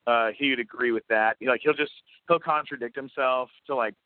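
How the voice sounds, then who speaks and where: A man guesting on a casual phone interview, rambling and excitable, with lots of restarts. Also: mid-range voice, a little fast, no room sound. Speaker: guest voice actor and comedian. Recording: tinny phone line, dry.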